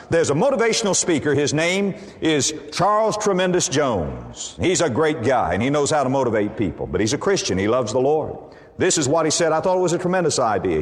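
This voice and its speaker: Man, pastor delivering a sermon, fairly high voice with big swings in pitch, booming hall reverb. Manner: preaching with rising emphatic bursts and Bible quotations.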